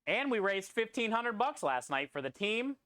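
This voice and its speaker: Guy streaming his food truck prep, bright smooth voice, kinda high, rambling on while he cooks. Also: sing-song, moderate pace, dry recording, studio quality. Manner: rambling, talks through prep and reads chat. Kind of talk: casual live-stream chat while cooking.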